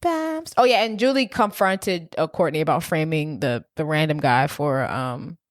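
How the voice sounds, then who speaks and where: Chill young woman cohost, lower voice, swears a lot recapping a movie, dry room. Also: normal speed, dry recording. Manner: laid-back, swears freely, laughs often. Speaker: podcast co-host. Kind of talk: casual movie recap chat.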